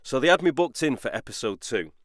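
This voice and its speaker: A man's voice: medium pitch, animated, fast, no room sound, studio quality. A man, a podcast co-host and voice actor, telling a candid personal story in a casual, self-deprecating way. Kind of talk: casual chat, personal anecdote.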